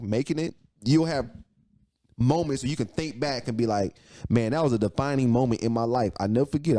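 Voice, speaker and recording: A man in his thirties telling a personal story in casual chat, animated and profane, repeating phrases for emphasis. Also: mid-range voice. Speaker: podcast guest, entrepreneur.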